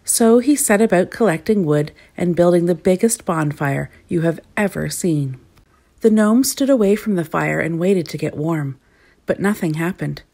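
Female storyteller, expressive reading voice, slightly low pitch. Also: moderate pace, gravelly.

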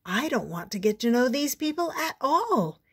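A cautious little girl in a storybook, wary of strangers but quick to brighten at the promise of treats, as an older woman puts her on while reading aloud. Her voice stays close to an ordinary speaking voice, with only a slight lift. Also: high voice, sing-song, slightly rough, voice pushed up, full character voice. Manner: wary, then eager.

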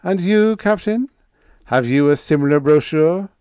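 A man voicing an honest, formal colonial governor who speaks smoothly and courteously in an audiobook. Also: on the high side, expressive, a little slow, darkish tone, no echo, voice pushed up.

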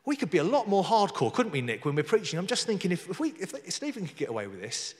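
A man's voice: a little high, very animated, brisk. A man preaching a sermon in a conversational way, with jokey asides, reading scripture aloud with emphasis. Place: church hall. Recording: long hall reverb.

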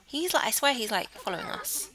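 A woman's voice: a little high, big pitch swings, a little fast, bright, forceful tone. A young woman with a Cornish accent chatting casually over her gameplay, coaxing her character along, sometimes dropping to a whisper. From Cornwall, England. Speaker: gameplay YouTuber. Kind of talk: casual let's-play commentary.

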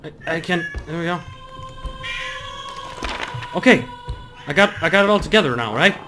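A man's voice: on the high side, expressive, normal speed. Jumpy young man playing a horror game. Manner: jumpy, nervous, talks to himself. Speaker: gaming YouTuber. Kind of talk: horror game let's play. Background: game music.

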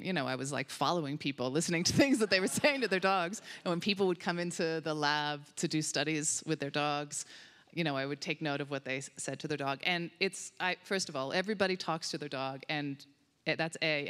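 A woman's voice: low-pitched, fairly bright tone. A woman being interviewed as a researcher, telling stories with enthusiasm and animation. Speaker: guest researcher on dog cognition. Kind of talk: conversational interview answers. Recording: long hall reverb.

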